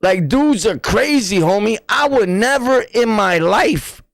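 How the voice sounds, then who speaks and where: A man's voice: sits high, expressive, measured pace, gravelly, dry recording. Blunt New York man ranting on livestream. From New York City. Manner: blunt, repetitive slang-heavy street talk. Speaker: livestream host. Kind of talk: casual livestream rant.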